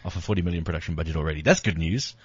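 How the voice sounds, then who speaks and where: Radio co-host, male, lower register, quick jokey delivery, dull dry sound. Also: slightly rough, no room sound. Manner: quick, joking, reads figures off a screen. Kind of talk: casual chat.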